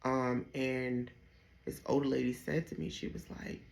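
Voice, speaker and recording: Gravelly-voiced young man telling his story. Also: mid-range voice, little pitch movement, measured pace, a little mellow, slight background noise. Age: young adult. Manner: candid, hesitant, many ums and restarts. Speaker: vlogger sharing his dialysis story. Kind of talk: personal storytelling.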